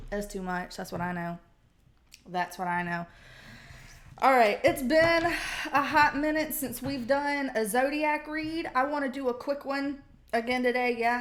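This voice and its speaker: A woman reading tarot cards in a casual vlog, chatty and profane, often laughing at her own stories. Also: on the high side. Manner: profane, giggly, chatty storytelling. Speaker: tarot card reader.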